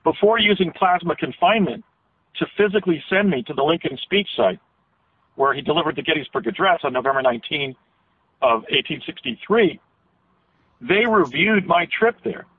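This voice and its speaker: A man's voice: on the high side, animated, normal speed, slightly rough. A man being interviewed by phone, telling a detailed story with frequent restarts and self-corrections. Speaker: interview guest. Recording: tinny phone line.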